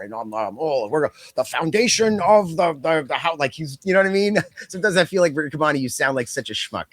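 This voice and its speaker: A young adult man co-hosting a casual podcast chat, rambling and animated, with lots of fillers and quick mock impressions. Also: a little high, dry recording. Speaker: podcast co-host.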